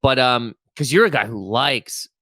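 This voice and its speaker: A man co-hosting a podcast in casual chat, rambling excitably with lots of restarts and swearing. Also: medium pitch, measured pace, no room sound. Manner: rambling, excitable, profane, stumbles over words. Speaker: podcast co-host.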